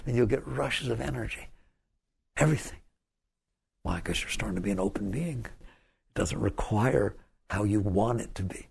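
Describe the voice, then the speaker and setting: A man's voice: lowish voice, moderate pace, creaky, darkish tone, slightly rough. A man giving a spiritual talk to an audience. He speaks emphatically, repeats his key phrases and puts questions to the listeners. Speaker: spiritual teacher.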